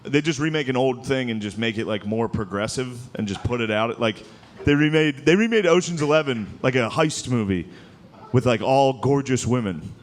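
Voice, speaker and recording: A man doing a live stand-up set, talking loosely with lots of "like" and quick impressions. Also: mid-range voice, expressive. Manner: loose, rambling delivery full of "like" and quick impressions. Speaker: stand-up comedian. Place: comedy club stage with laughing audience. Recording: live room with audible audience noise.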